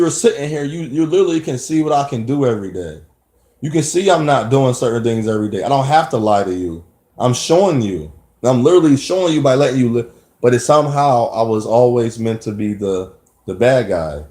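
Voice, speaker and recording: A man's voice: medium pitch, a little mellow, echoey room. A man talking emphatically in a rambling personal monologue, often restarting his sentences. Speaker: vlogger.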